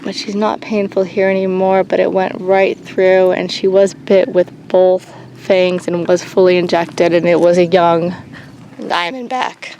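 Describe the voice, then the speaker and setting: A woman running an animal sanctuary, talking candidly in a halting way with many pauses and restarts. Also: on the low side, flat delivery, dark tone, a little hiss or hum. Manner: halting, many ums and restarts, nervous laughs. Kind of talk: candid personal vlog. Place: outdoors on a rural animal farm.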